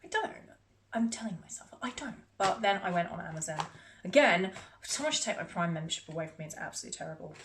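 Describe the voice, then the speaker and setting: A woman's voice: fairly low pitch, lively intonation, fast. A woman vlogging about her recent purchases in a chatty, self-mocking, rambling way. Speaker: beauty vlogger. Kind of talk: casual haul chat to camera. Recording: echoey room with faint noise.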